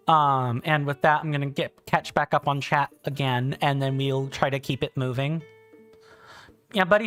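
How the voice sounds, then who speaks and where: This man's voice is fairly high, fairly bright, and clean. In his thirties and from South Carolina, US, he has a British-sounding accent and hosts a relaxed game livestream, reading chat amiably while rambling through fillers and restarts.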